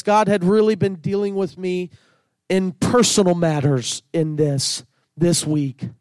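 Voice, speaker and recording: A man delivers a sermon with fervent emphasis, often rising to shouting. His voice sits unusually high for a man, and he takes his time with each phrase. The sound is dry and close, with no room echo. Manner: fervent preaching that swells into shouts. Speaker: pastor.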